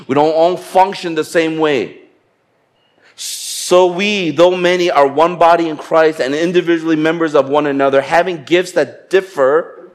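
A pastor preaching a lively sermon, acting out quotes with humor. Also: male voice, on the high side. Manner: animated, acts out quotes with humor.

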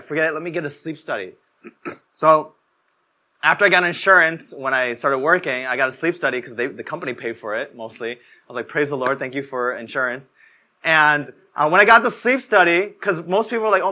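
High, bright-voiced young man preaching. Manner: casual storytelling, fills talk with "like". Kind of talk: conversational sermon.

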